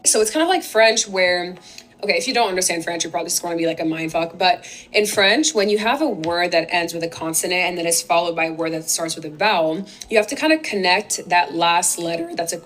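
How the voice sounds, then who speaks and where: A woman's voice: fairly low pitch, fast talker. Chatty woman explaining. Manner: animated, chatty, uses "like" a lot. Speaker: social media creator. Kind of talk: casual explainer video.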